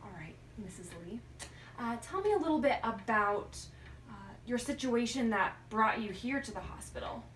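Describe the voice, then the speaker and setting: Gentle young woman in a practice interview. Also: fairly high pitch, animated, normal speed. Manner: gentle, careful, reassuring, with frequent ums. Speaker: social work student playing a hospital social worker. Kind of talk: practice interview role-play. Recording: roomy, distant mic with faint noise.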